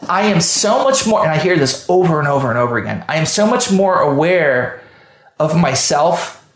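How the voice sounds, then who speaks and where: A man's voice: a little high, very animated, normal speed. A man in casual conversation, talking bluntly and with a lot of swearing, stopping and restarting his sentences as he works through his points. He sounds like a manager describing how he handles his staff. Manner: blunt and profane, many restarts. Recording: roomy echo.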